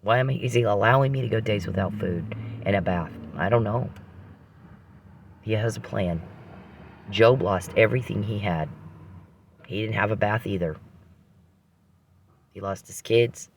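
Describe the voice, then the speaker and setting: A man with a low, gravelly voice, rambling through a personal story on his podcast. He restarts his sentences often and drifts into religious reflection, and a faint hiss sits under the recording. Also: moderate pace, long pauses.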